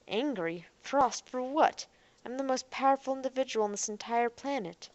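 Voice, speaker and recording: A woman voicing a defensive, boastful young man in a robot body who is quick to shout. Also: high voice, dry recording, lo-fi sound, voice pushed up, close to an everyday voice. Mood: agitated.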